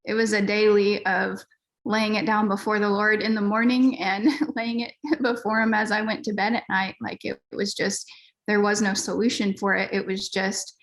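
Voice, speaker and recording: A woman's voice: mid-range voice, level tone, normal speed. A woman pastor, a guest on a podcast, telling her story in a candid, earnest, casual way with frequent fillers.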